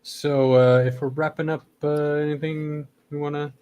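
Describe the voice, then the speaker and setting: A man's voice: a little high, level tone, moderate pace, mellow, clean tone. A man hosting a casual late-night stream, his throat worn and stuffed up from long talking. He rambles, coughs now and then and swears casually. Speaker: stream host.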